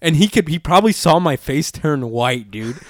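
A young man telling a personal story in casual chat, animated and profane, full of "like". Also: a little high, moderate pace, no echo, studio quality. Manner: animated, profane, heavy use of "like".

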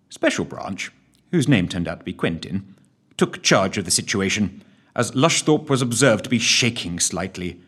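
A man narrating a story in an expressive, dramatic reading. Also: on the low side, slightly rough.

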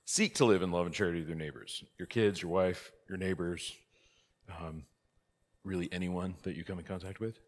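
A man, a priest, teaching a conversational church class, lively and full of rhetorical questions. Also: deep voice, fairly quick. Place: church hall. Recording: long hall reverb.

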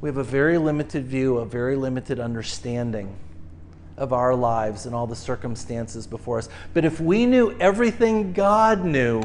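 A man preaching to his congregation, telling a lively story full of acted-out cries, then leading a slow, hushed prayer. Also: mid-range voice, a little hiss or hum. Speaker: pastor. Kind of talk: sermon. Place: church sanctuary.

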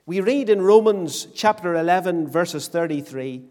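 A man's voice: high voice, normal speed, few pauses, darkish tone. A man from Northern Ireland preaching a sermon in a church hall, emphatic and repetitive, with rhetorical questions. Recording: long reverb of a church hall.

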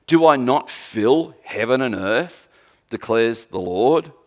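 A man preaching a sermon, emphatic with dry humour, swinging from forceful peaks to quiet, low passages. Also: lively intonation, slow. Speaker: pastor.

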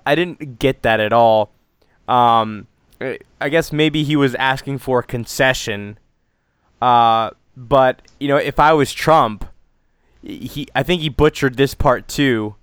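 Smooth-voiced man in casual political banter. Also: mid-range voice, no room sound. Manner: rambling, sarcastic, laughs often. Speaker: podcast co-host.

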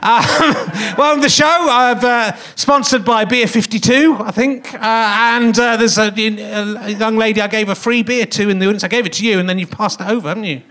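A man's voice: high-pitched, normal speed, few pauses, pushed and bright. A man in his fifties hosting a live comedy podcast on a theatre stage, rambling and jokey as he teases the audience. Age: 50s.

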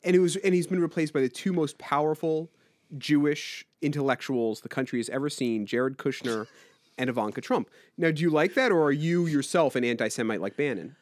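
A man's voice: a little high, brisk, no echo, clean studio sound. A man co-hosting a comedy podcast, baiting the others in a sarcastic, mock-earnest tone. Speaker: podcast co-host. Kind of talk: satirical comedy banter.

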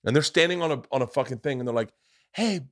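A man hosting a podcast spins a rowdy, swear-filled story and slips into the voices of the people in it. His voice sits at an ordinary middle pitch. The sound is close and dry, with no room around it. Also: quick pace, no room sound. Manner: profane, animated storyteller who acts out voices. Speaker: podcast host. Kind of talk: casual storytelling chat.

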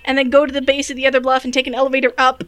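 High-voiced woman venting bluntly. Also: completely flat delivery, racing, a bit bright. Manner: blunt, swears when venting. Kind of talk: casual gaming chat.

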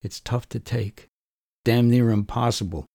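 Man, fifties, first-person storyteller, earnest, gravelly, measured pauses. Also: medium pitch, mellow, no room sound, clean studio sound. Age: 50s.

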